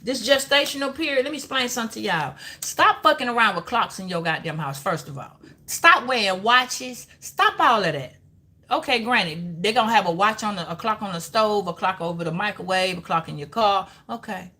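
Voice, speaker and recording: Bright-voiced woman, profane and preachy. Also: medium pitch, expressive, brisk. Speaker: tarot reader. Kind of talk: live-stream tarot reading.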